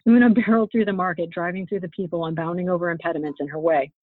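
A woman author reading her own fantasy novel aloud in a steady, expressive storytelling manner. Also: on the low side, rapid-fire, no echo. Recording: tinny phone-like, dry sound.

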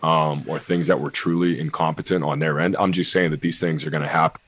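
A man's voice: very deep voice, steady tone, a little fast, fairly bright tone. A young American man chatting casually on a podcast, blunt and profane, full of fillers. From United States. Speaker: podcast guest.

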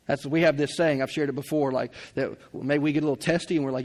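Man preaching, high voice, folksy and chatty, middle-aged, laughs between points. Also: fairly even intonation, quick pace, few pauses, darkish tone. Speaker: pastor. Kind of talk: sermon.

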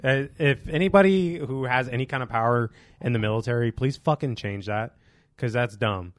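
A man's voice: mid-range voice, moderate pace, no echo, clean studio sound. A young man in casual podcast chat, complaining bluntly with plenty of swearing. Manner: blunt, profane, griping. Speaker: podcast co-host.

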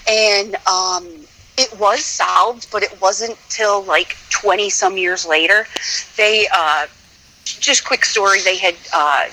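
A woman from Illinois calls in and tells her story in a loose, rambling way, looping back as she goes. Her voice is bright and keen, and a faint hiss of noise sits behind it. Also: medium pitch, low-quality recording. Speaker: caller. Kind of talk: casual phone-in chat.

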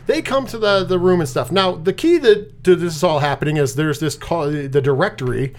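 A man co-hosting a podcast, recapping a movie plot in casual chat, animated and swearing freely. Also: fairly high pitch, brisk. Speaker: podcast co-host.

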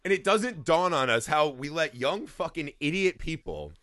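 Profane, animated American storyteller man. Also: fairly high pitch, normal speed, dry recording, studio quality. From Indiana, USA. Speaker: podcast co-host. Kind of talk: casual chat.

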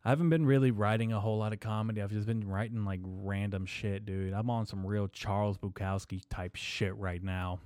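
Brief: male podcast host, low register, dry mic, loose profane comic rambling. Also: steady tone, brisk, hardly any pauses, darkish tone, no echo. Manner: profane, loose and jokey, lots of fillers.

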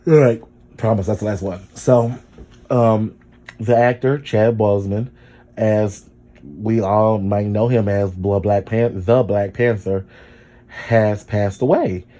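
A man's voice: lowish voice, steady tone, slow pace, mellow. A young man hosting a casual solo podcast, chatty and rambling, with lots of fillers as he talks through his feelings. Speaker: podcast host.

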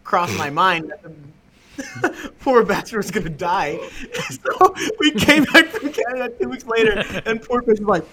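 A young man telling funny stories in casual chat, animated and laughing, acting out the people he quotes. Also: high voice, normal speed, crowd noise. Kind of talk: casual storytelling.

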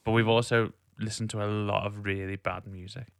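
Man hosting a podcast, lowish voice, bright edge, dry sound, rambles with fillers. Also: flat delivery, brisk, vocal fry, no echo. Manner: rambling, self-deprecating, many fillers. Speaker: podcast host. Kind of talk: casual chat.

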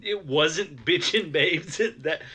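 A man's voice: on the high side, slow, sharp tone, husky. A man co-hosting a casual movie chat, making dry, joking asides. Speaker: podcast co-host.

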